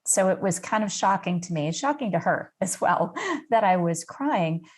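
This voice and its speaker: A middle-aged woman from the United States, a podcast guest, telling a personal story in an unhurried, conversational way with some fillers. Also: lowish voice, animated. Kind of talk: storytelling in an interview.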